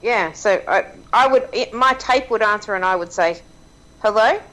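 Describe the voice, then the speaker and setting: A woman's voice: mid-range voice, moderate pace, fairly bright tone, low-quality recording. A woman joining a casual radio chat as co-host, playful and teasing with the others.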